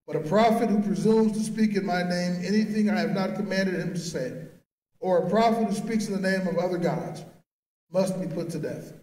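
A man's voice: sits high, normal speed, dark tone, pitched above the performer's own voice, lightly acted. A man voicing the Lord, solemn and commanding, in a scripture reading. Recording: echoey church from far off.

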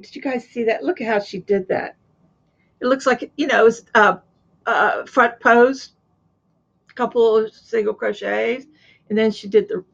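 Older woman, crafting vlogger, gushing casual chat, fairly high voice, dull lo-fi sound. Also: gravelly. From Florida. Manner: gushing, chatty, exclaims over items. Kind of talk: casual show-and-tell chat.

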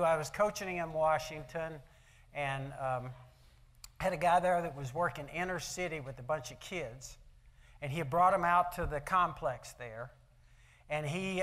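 An older man speaks to an audience at an event, his voice sitting a little high for a man. His delivery is folksy and conversational, full of homespun stories. He keeps checking in with the crowd through rhetorical questions. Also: a bit bright. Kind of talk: motivational talk with personal stories. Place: event hall.

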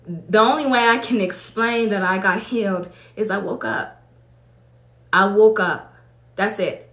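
A woman's voice: medium pitch, measured pace, fairly bright tone. A woman preacher from Los Angeles giving a fervent, conversational testimony sermon to her congregation in a church. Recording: echoey room.

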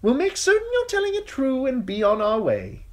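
A high, thin-voiced haughty knight. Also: male voice, huge pitch swings, exaggerated voice. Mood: cold. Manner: languid, haughty, drawn-out commands. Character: cold, bored, high-voiced male knight commander.

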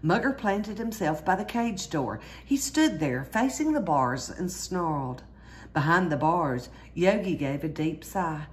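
Woman, storybook read-aloud, lively delivery, slightly low pitch. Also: measured pace. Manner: lively read-aloud, jumps higher for squeals and cries. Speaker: storyteller reading a picture book.

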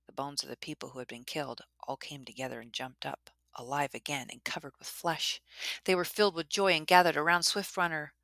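A woman telling a traditional story in a measured, dramatic narration. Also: sits low, fairly even intonation, gravelly, a bit bright, no room sound, clean studio sound.

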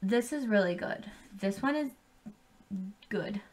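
Slow-talking, foul-mouthed woman vlogger. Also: mid-range voice, animated, a little mellow. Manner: laid-back, swears freely, rambling with many ums. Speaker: vlogger reviewing drinks. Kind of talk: casual profane vlog chat. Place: at home.

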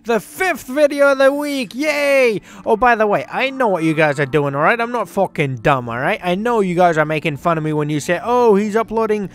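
A man giving casual, excitable commentary over a football video game, swearing and joking at his viewers. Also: sits high, brisk, hardly any pauses. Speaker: gaming YouTuber.

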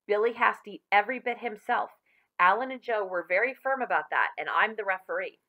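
A woman's voice: mid-range voice, a little fast, phone-quality sound, lightly acted. A woman reading aloud, voicing a cheerful mother who firmly keeps to the rules of a bet. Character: warm, proud mother cooking for her son. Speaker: referee of a bet.

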